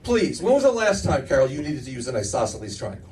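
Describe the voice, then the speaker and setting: A man's voice: mid-range voice, fast talker, distant mic, crowd noise, rough recording. A middle-aged man performing a stand-up comedy set in a club, telling stories with lots of restarts and audience laughter behind. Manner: animated storytelling with many restarts.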